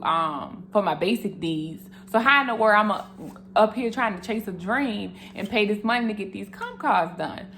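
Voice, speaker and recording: A young woman giving a casual faith testimony to camera, earnest and animated, speaking straight to her viewers with emotion. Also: mid-range voice, slight background noise.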